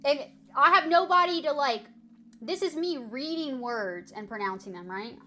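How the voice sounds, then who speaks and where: A woman streamer chatting casually and playfully, swearing freely and sounding out French words slowly. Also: high-pitched, sharp tone. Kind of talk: casual live-stream chat.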